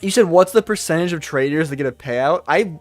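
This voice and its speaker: Young guy on a trading livestream, kinda high voice, slangy and joking with chat, low music in the back. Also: lively intonation. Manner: loose, joking, slangy, reacts to chat with quick laughs. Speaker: livestream day trader. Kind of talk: casual livestream chat reading viewer comments. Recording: faint music behind the voice.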